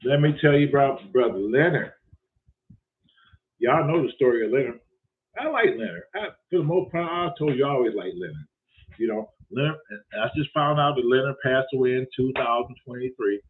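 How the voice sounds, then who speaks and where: A man's voice: mid-range voice, expressive, a little fast. A man hosting his own show, rambling through a casual, profane story with lots of repetition. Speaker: show host. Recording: tinny phone-like sound.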